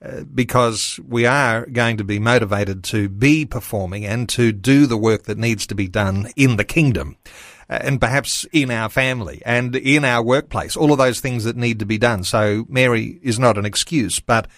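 A male radio host who talks in a measured way with frequent fillers, in a faith interview. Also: medium pitch, fairly bright tone, no echo, studio quality.

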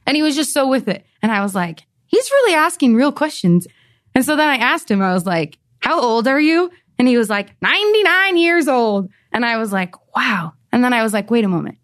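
A young woman telling a story in an interview, lively and animated, acting out the voices of the people she quotes. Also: fairly high pitch. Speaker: pianist and volunteer.

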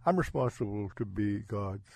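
Earnest, halting pastor, man. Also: on the low side, lively intonation, vocal fry, darkish tone, breathy edge, no echo. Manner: halting, self-correcting, earnest. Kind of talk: personal testimony in conversation.

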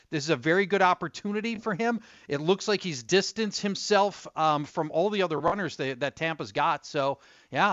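Guy breaking down fantasy picks over the phone, kinda high voice, dull lo-fi line. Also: fairly bright tone, no echo. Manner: brisk, stat-heavy, hedging restarts. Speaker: fantasy football analyst guest. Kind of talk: phone-in analysis.

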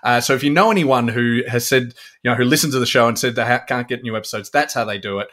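A man's voice: mid-range voice, fast, fairly bright tone. A middle-aged man with an Australian accent, co-hosting a casual podcast, easygoing and rambling, with many fillers. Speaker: co-host. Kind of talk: casual chat.

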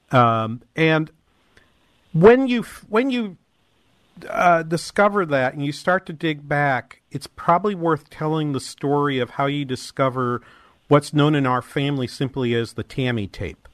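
A man's voice: medium pitch, a little slow, fairly bright tone, dry recording. A man hosting a casual radio interview, speaking hesitantly with many fillers and restarts. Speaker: radio host.

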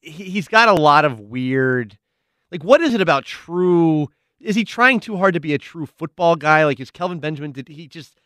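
A man co-hosts sports talk radio with easygoing, wry remarks. His voice is bright and a touch high. He sounds close and dry in the studio. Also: lively intonation, normal speed, no room sound. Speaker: co-host.

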